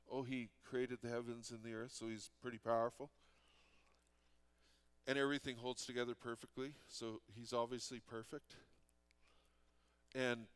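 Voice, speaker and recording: A man's voice: medium pitch, fairly bright tone, clear, resonant tone. A man in his fifties from Canada, preaching a sermon as pastor in an earnest, conversational way with frequent restarts.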